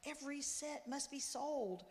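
A woman's voice: high-pitched, unhurried, long reverb tail, voice pushed up. A woman voicing an eager young girl in a story read aloud.

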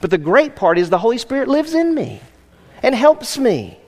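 A man's voice: extremely high pitch, very animated, moderate pace, big-room sound. A man preaching as a senior pastor, teaching a sermon in a conversational way with jokes and rhetorical questions.

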